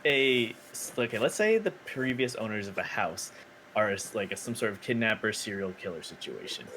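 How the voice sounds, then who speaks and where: A man's voice: on the low side, expressive, a little fast, pushed and bright. Young male co-host, giggly, riffs absurd bits, faint hiss behind. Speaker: podcast co-host. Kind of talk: casual comedic banter.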